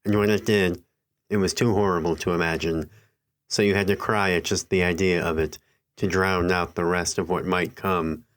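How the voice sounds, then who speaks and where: A man reading a scary literary story aloud in a slow, measured, somber narration. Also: low-pitched, steady tone.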